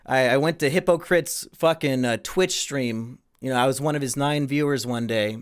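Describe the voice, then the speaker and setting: A man with a clean, medium-pitched voice and moderate pace answers viewer questions on a casual livestream Q&A, replying in a crude, profane, sarcastic way.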